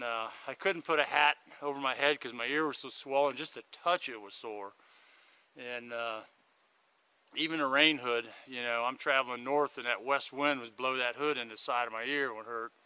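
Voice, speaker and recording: A man's voice: medium pitch, sharp tone, clear, resonant tone, no room sound. A man chatting to a handheld camera outdoors on a hiking trail, rambling through a long story in a casual vlog. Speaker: hiker vlogging his thru-hike. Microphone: handheld video camera.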